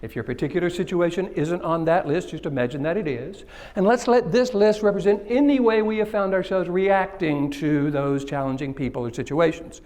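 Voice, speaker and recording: A man's voice: on the high side, a little fast, a little mellow. A man from Texas giving an interactive conference keynote, joking with the audience and asking them questions. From Kilgore, Texas. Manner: engages the audience, jokes and asks questions. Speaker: keynote speaker. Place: conference stage.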